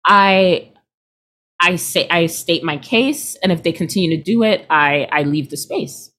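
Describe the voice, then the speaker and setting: A woman in her thirties, a healer, chatting casually and acting out quoted people with lively swings in her voice. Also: measured pace. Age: 30s. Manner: expressive, acts out quoted people with big pitch jumps. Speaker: guest, healer. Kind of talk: casual podcast conversation.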